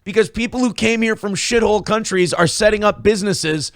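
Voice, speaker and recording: A man's voice: high voice, fairly quick, no room sound, studio quality. A man hosting a morning live stream, rambling and joking crudely while reacting to clips and viewer tips. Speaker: morning show host. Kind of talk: casual live-stream commentary.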